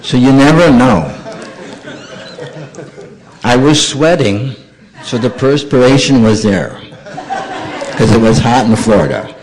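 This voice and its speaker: A man telling stories in a sermon, acting out the voices of the people in them. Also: fairly low pitch. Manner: animated storyteller acting out dialogue. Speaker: monk giving a talk. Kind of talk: storytelling sermon.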